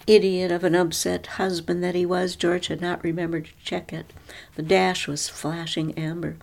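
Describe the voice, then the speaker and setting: A woman narrating a story in a measured, even storytelling manner. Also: fairly low pitch, gravelly.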